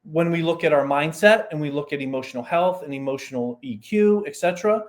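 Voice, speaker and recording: A man, a performance coach guest on a podcast who explains ideas through lively stories and examples. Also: on the high side, a little fast. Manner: animated storyteller, explains with examples and asides. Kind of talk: casual podcast conversation.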